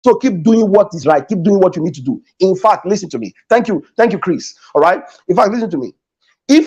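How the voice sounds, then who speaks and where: A man's voice: sits high, a little mellow, slightly rough. A man with a Nigerian English accent giving an emphatic, preacher-like motivational talk as a guest business coach in a studio, repeating his key phrases. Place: podcast studio.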